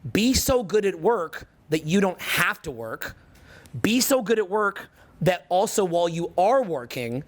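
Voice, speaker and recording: Speaking to an audience to motivate them, a social skills coach in his 40s uses a fairly high, fairly bright voice. He swears, stays intense and emphatic, and keeps repeating himself to hammer ideas home.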